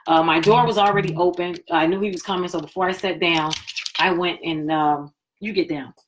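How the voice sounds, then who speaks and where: A woman hosting a live stream, telling her personal story in a chatty, animated way and acting out what people said. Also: on the low side, a little fast, a little hiss or hum. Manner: chatty, animated, acts out quoted talk.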